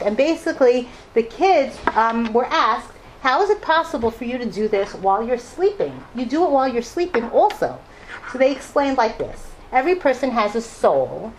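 There's slight background noise as a middle-aged woman with a fairly high voice tells an audience about something from her own life, animatedly voicing the people she quotes.

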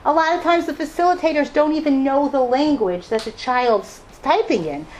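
A woman's voice: high-pitched, normal speed, slight background noise. A middle-aged woman telling a personal story to an audience, acting out the voices of the people she quotes. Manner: animated, acts out quoted voices. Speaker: speaker addressing an audience.

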